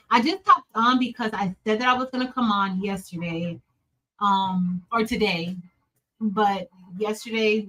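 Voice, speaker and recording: A woman's voice: mid-range voice, fairly bright tone, poor audio. A woman hosting a casual live stream, chatting and greeting viewers by name while she works. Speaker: livestream host.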